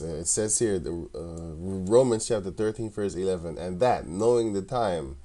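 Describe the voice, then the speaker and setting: A man with a deep voice and dark tone offers casual commentary on scripture. He laughs often and sounds mocking and scornful, rambling loosely with many restarts.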